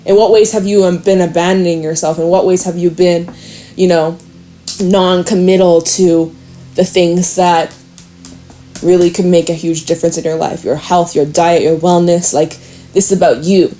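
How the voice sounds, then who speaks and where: A woman giving a casual, frank tarot reading to her viewers, chatty and quick to swear and laugh. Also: lowish voice, level tone, warm tone, faint music behind. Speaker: tarot reader.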